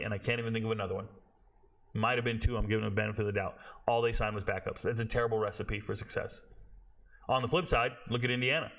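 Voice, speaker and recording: A man's voice: lowish voice, fairly bright tone. A man in his forties hosting a sports show, ranting bluntly in casual talk and swearing freely. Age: 40s.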